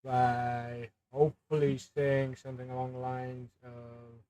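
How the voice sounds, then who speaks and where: Male player, slow unhurried delivery, hesitant with filler words. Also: mid-range voice, level tone, warm tone. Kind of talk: casual tabletop game chat.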